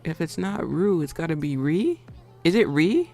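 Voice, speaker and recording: American woman streamer, relaxed playful chat with viewers, a little gravel in the voice. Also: low-pitched, normal speed, faint music behind. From United States. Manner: playful, chatty, often laughing, talks straight to the chat. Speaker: live-stream trading host. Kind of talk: casual live-stream chat.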